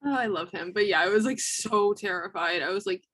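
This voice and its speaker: A young woman in a casual book chat, animated and laughing, acting out scenes as she retells them. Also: mid-range voice, a little fast, hardly any pauses, breathy edge. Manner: animated, laughing, acts out quotes.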